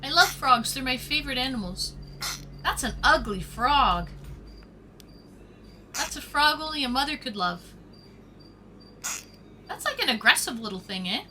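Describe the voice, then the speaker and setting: A woman chatting on a live stream as she reacts to clips, breaking into loud excited exclamations. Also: sits high, unhurried, pauses often. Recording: noisy background.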